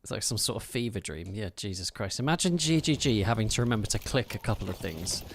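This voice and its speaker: Fast and animated, this game streamer has a lowish, creaky voice captured on a streaming microphone. He offers live gameplay commentary and chats loosely with his viewers, teasing them and saying thanks.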